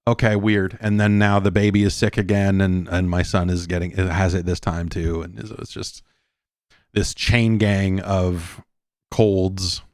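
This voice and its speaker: A man's voice: sits low, level tone, measured pace, darkish tone, no echo. Man, middle-aged podcast host, rambling and swearing, dry close sound. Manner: rambling, profane ranting. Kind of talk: casual monologue.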